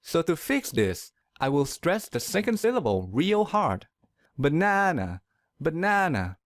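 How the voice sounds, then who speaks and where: A man giving a scripted pronunciation lesson, explaining in a clear, measured way and leaning on words for emphasis. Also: a little high, huge pitch swings, no echo. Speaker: pronunciation teacher.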